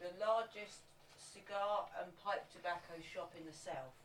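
A woman's voice: fairly low pitch, moderate pace. A woman in a casual chat adding short remarks and finishing others' sentences. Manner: brief chiming-in remarks. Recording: distant echoey mic, faint room noise.

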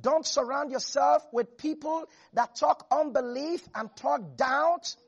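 A preacher delivering a lively sermon, laughing and acting out Bible characters. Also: sits high, slow, muffled recording.

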